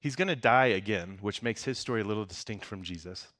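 A man with a fairly low voice delivers a relaxed, conversational sermon. He reads scripture and then riffs on it with jokes and frequent laughter. His volume swings from near-hushed to loud, emphatic moments. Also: fast talker. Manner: conversational and joking, breaks into laughter. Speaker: pastor. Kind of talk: casual sermon with Bible reading.

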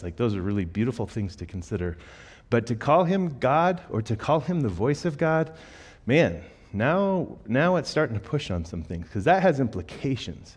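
A man preaching a sermon in a church, telling a funny story with lively acted-out quotes before turning to his teaching. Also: mid-range voice. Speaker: pastor. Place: church auditorium.

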